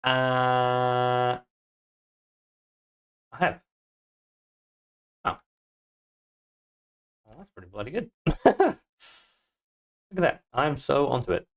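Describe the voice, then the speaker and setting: A man doing a Scottish accent while live-streaming his game coding, muttering to himself, swearing and breaking into sudden excited outbursts. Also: mid-range voice, slow pace, vocal fry, long pauses. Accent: Scottish (put on).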